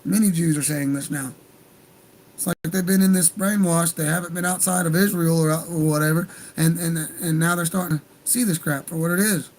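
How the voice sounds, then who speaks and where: High-voiced man ranting heatedly. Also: fairly even intonation, moderate pace, poor audio. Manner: heated, profane, rambling. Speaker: livestream host. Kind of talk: angry livestream rant.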